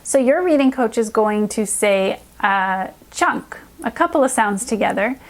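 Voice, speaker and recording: A woman reading specialist leading a children's phonics lesson, upbeat and encouraging, stretching out sounds slowly and carefully. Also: on the high side, animated.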